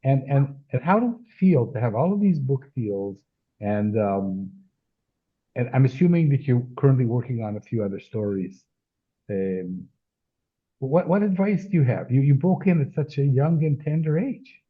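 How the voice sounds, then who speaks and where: Halting male host on a tinny line. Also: medium pitch, animated, breathy edge. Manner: halting, restarts and repeats words. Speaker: interviewer host. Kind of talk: casual interview conversation.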